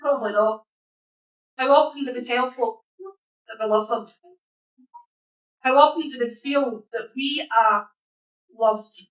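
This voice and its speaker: A woman's voice: fairly high pitch, measured pace, long pauses. A Scottish woman minister giving an informal, chatty sermon in a church hall, putting questions to the congregation. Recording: echoey hall, dull sound.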